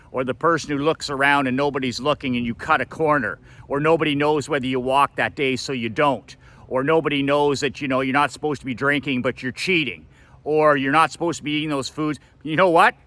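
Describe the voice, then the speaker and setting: Emphatic man with a bright, forceful voice. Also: medium pitch, steady tone, a little fast. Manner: emphatic, blunt, swears freely. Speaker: motivational coach. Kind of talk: personal storytelling monologue.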